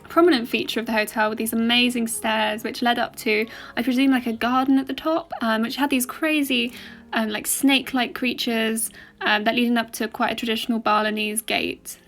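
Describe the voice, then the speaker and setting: Young woman voiceover, kinda high voice, lots of ums, faint music under it. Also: level tone, fairly quick, fairly bright tone. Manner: casual, many fillers and restarts. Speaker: travel vlogger. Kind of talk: voice-over narration of a walkthrough.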